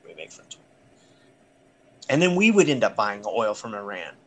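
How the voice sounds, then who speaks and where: A man's voice: fairly low pitch, sing-song, measured pace, a bit bright, a little hiss or hum. A man on a discussion panel, talking casually in a blunt, profane, joking way.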